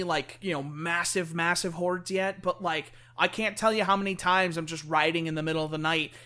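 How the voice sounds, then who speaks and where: High-voiced, excitable man chatting casually. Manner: excitable, full of "like" fillers. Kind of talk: casual chat.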